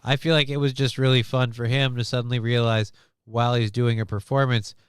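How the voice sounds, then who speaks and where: A man's voice: mid-range voice, brisk, clean tone, dry recording, studio quality. A man hosting a live stream, chatting casually with a co-host and joking with plenty of profanity. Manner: joking, profane, animated retellings.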